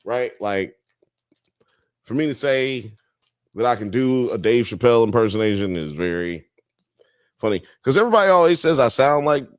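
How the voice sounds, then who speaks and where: A man from the US South and Midwest with a lowish voice hosts a live show, casually reading chat comments aloud and riffing on them in a laid-back manner. The recording is studio quality, free of echo.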